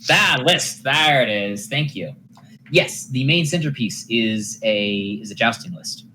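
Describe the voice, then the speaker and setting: Animated game master running an online tabletop game. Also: mid-range voice, a little hiss or hum. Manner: lively, quick to laugh.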